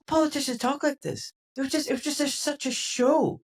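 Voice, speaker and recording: An emphatic man hosting a casual podcast conversation. He talks with conviction and gets lively when he imitates other people's voices. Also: very high-pitched, brisk, hardly any pauses. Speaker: podcast host.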